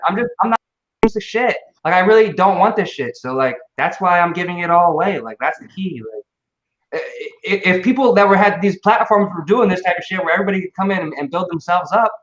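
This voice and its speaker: A man co-hosting a casual livestream, talking in a profane, rambling, excitable way. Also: high-pitched. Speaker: livestream co-host. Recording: lo-fi roomy online stream audio.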